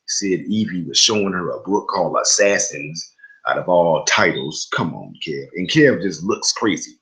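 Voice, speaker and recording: A man with a very low voice talks through a TV episode in a relaxed, conversational recap. He rambles a little, drops fillers and side comments, and keeps it informal. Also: poor audio. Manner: chatty, loose storytelling with fillers and asides. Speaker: TV recap host.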